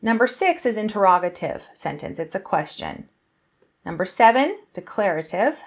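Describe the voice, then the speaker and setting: A woman English teacher giving a scripted grammar lesson, speaking clearly and deliberately and acting out example sentences with feeling. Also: mid-range voice, sing-song.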